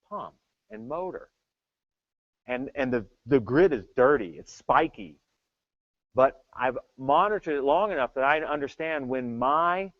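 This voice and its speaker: A middle-aged man giving a tech talk, telling stories in an animated, joking way. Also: medium pitch, no echo, muffled recording. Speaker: tech speaker. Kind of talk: storytelling keynote talk.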